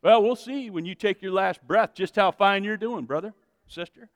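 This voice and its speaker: A male pastor preaches with fiery energy, rising to loud shouted calls and dropping to quiet, chatty asides. His voice sits high and sounds smooth and clear. It is picked up close and dry, with a long reverb from a large hall. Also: normal speed. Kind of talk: sermon. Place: church sanctuary with congregation.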